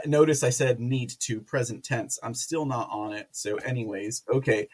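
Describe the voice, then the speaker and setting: A man hosting a casual political commentary livestream, rambling with many fillers and restarts, with sarcastic asides and loud laughs. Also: medium pitch, animated, measured pace, breathy edge. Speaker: podcast host.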